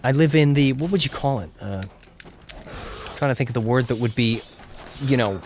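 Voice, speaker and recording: A man's voice: mid-range voice, normal speed, a little mellow, faint music behind. A young man, rambling casually about gadgets and reading chat while he streams a game from home. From England. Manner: rambling, chatty, swears when the game goes wrong. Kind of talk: casual gameplay commentary.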